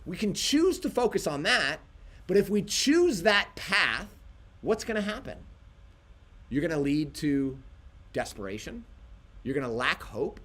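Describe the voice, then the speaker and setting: Man, livestream co-host, high voice, very lively pitch, animated storytelling. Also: unhurried, pauses often. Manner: animated storytelling, quotes himself. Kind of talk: casual livestream chat.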